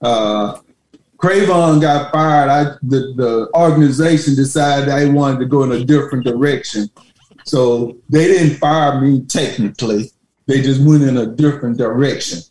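A man guesting on a podcast as a retired football official, relaxed and joking, with halting starts. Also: medium pitch. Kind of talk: casual podcast chat. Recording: roomy echo.

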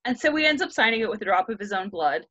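A woman's voice: mid-range voice, very animated, quick pace, pushed and bright, no echo. A woman in her thirties, retelling a classic story in a casual, irreverent and profane way, often slipping into characters' lines. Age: 30s. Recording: dry, slightly dull lo-fi audio.

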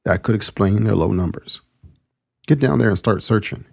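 A man's voice: fairly low pitch, moderate pace, gravelly, darkish tone, husky. A man voicing a cautious male team leader who gives curt orders. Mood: commanding.

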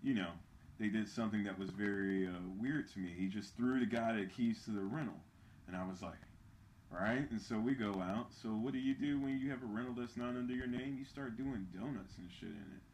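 Low-key, laid-back man telling a story. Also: brisk, a little hiss or hum. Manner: laid-back storyteller, trails off quietly, profane. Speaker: podcast co-host. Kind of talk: casual chat.

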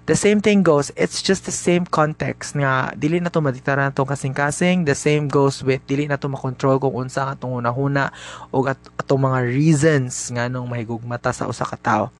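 A man's voice: medium pitch, fairly even intonation, brisk. A man with a Cebuano accent hosting a podcast, talking to listeners in a chatty, casual way and mixing Cebuano into his English. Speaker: podcast host.

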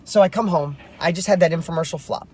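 A man's voice: fairly high pitch, quick pace, darkish tone, slightly rough. A middle-aged man, a real estate coach, telling a story to camera while driving, emphatic and fired up.

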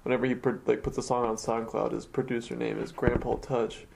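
A man's voice: mid-range voice, level tone, brisk, creaky, darkish tone. A young man chatting casually as a podcast guest, hesitant and chatty. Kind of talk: casual chat.

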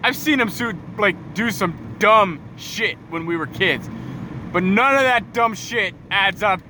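High-pitched, profane ranting man. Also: a little slow, background noise. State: tired. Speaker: podcast host. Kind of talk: angry comic rant. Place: in a car at night.

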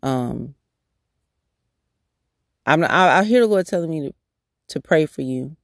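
A man's voice: on the high side, animated, unhurried, a bit bright, no echo, clean studio sound. A man hosting a devotional podcast, praying in a repeated cadence and talking casually with restarts. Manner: repetitive prayer cadence. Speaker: podcast host. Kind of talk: prayerful devotional podcast talk.

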